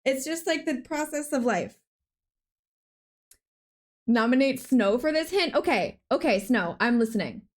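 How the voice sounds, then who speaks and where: A young adult woman streaming a video game live, chatting excitedly with her viewers and gasping often. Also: high-pitched, unhurried, long pauses. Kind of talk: live gameplay stream chat.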